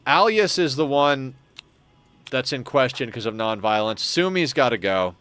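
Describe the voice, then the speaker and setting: A man's voice: medium pitch, expressive, measured pace, a bit bright, clean tone. Chatty man streaming a game. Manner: chatty, talks to chat, thinks aloud. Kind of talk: casual gameplay commentary.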